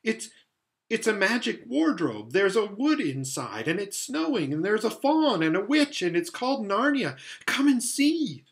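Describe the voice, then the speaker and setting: A man voicing an earnest, excitable young girl in a storybook reading, pleading and insistent. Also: high voice, unhurried, voice pushed up, heavily acted. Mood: excited. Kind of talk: storybook read-aloud.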